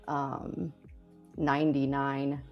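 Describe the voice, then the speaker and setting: A woman co-hosting a live trading stream, chatting casually and reacting with quick laughs. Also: very deep voice, level tone, dull audio, faint music behind. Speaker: live trading show co-host. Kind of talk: casual chat.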